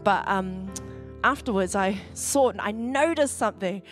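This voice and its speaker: A woman's voice: mid-range voice, normal speed, soft background music. A woman pastor gives a conversational sermon in a church hall, laughing often and acting out what people said. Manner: chatty, laughs often, acts out what others said.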